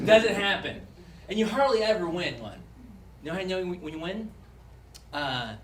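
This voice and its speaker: A man doing a rambling, wry stand-up set on a club stage. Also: sits high. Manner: rambling, wry storytelling with laughs. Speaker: stand-up comedian. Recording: roomy, distant mic with loud background noise.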